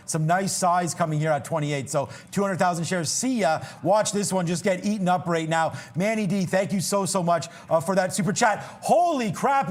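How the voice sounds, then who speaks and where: A man hosting a live trading show, calling trades and thanking viewers with excited, hyped energy. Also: sits high. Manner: excited, hyped, rapid shout-outs. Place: TV studio trading floor.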